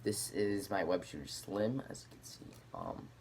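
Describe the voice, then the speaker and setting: A man with a low voice, speaking at normal speed over a noisy background, casually shows off a homemade gadget and explains how it works. The show-and-tell video rambles, full of filler words.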